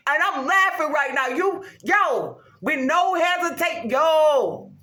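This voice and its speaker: A woman ranting casually to her viewers, swearing heavily, animated and laughing often. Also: sits high, slow, hardly any pauses, slight background noise. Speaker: vlogger. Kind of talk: casual rant to camera. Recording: roomy echo.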